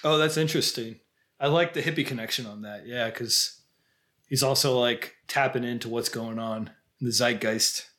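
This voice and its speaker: A man's voice: mid-range voice, normal speed, sharp tone. A man co-hosting a podcast, chatting casually about films and laughing easily. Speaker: podcast co-host. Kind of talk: casual film chat.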